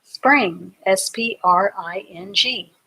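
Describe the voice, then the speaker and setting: Slow, patient woman reading teacher. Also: medium pitch, sharp tone, breathy edge. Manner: slow, patient, spells words letter by letter. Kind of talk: live online reading class.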